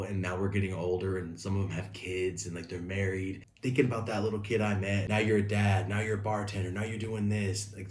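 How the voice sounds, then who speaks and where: A young man telling a casual story-time video, animated, speaking straight to his viewers. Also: on the low side, reverberant.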